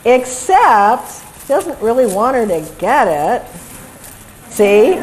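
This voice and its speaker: A woman lecturing on dog behavior over video clips, lively and acting out what the dogs seem to think. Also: fairly high pitch, slow, some chatter behind, slight background noise, poor audio. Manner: lively, acts out dogs' thoughts in quotes.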